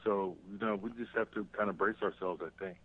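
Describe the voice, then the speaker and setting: A man calling in to a talk show, talking casually and haltingly about politics, often repeating words. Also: lowish voice, steady tone, slightly rough. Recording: tinny phone line.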